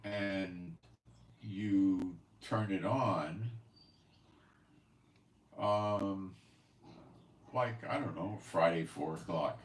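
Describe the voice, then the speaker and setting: A man's voice: deep voice, very slow, long pauses. A man hosting his own channel, talking casually to viewers in a rambling, conversational way full of fillers and asides, recorded at home. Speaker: channel host. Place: at home in Israel. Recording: roomy echo, voice from a distance, faint background hiss.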